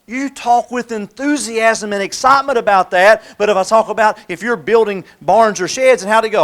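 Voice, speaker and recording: A man's voice: high-pitched, moderate pace, hardly any pauses, a bit bright. A middle-aged man giving a live motivational talk, telling folksy stories and acting out the voices of the people in them. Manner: folksy, storytelling, acts out quoted voices. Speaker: motivational speaker.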